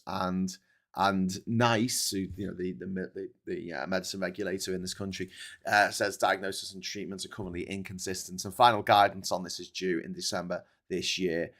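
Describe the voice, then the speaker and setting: A man's voice: sits low, flat delivery, moderate pace, a bit bright. A man with a Scouse accent from Liverpool hosting a casual news commentary show, chatty and opinionated, with many fillers and restarts. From Liverpool, England. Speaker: host.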